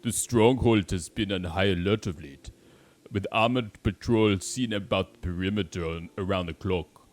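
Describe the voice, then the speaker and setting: A gruff, tough-talking game warrior, put on by a British man in a heavy mock action-hero accent. He lays out the danger slowly and deliberately, one weighty phrase at a time, from a voice sitting a little on the low side. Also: lightly acted. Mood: stern. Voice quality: heavy, halting foreign-accent attempt. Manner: slow, deliberate reading of game dialogue.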